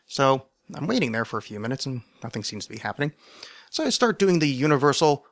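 A man hosting a podcast, telling a comic story in a sardonic, self-mocking way, with mumbled asides and loud animated bursts. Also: mid-range voice, fast, no room sound, studio quality. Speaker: podcast host. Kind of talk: comedic storytelling monologue.

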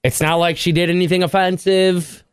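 A man's voice: sits high, little pitch movement, normal speed, smooth, no echo. A man co-hosting a podcast in laid-back, casual banter. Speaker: podcast co-host. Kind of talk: casual chat.

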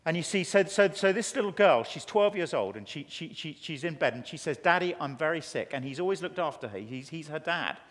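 A man with an English accent preaching a conference sermon, telling stories and acting out quotes in an animated way. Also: on the high side, brisk, hardly any pauses. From England. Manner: animated, storytelling with acted quotes. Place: large conference hall. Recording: long hall reverb.

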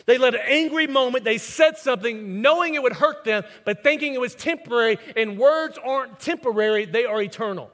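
High-voiced pastor preaching in a hall. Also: male voice, brisk, few pauses, fairly bright tone. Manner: storytelling, acts out quoted voices. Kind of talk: sermon. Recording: long reverb of a large hall.

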